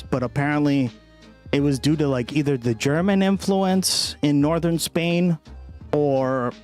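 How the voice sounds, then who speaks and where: A young man hosting a political livestream, chatting casually and profanely with viewers, rambling and often asking "right?". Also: mid-range voice.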